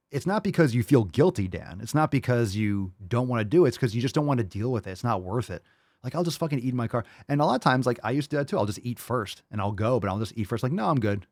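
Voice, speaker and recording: A man's voice: mid-range voice, darkish tone, dry recording, clean studio sound. Blunt profane male fitness host. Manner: blunt, profane, mocking put-on voices. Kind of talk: livestream chat reading comments.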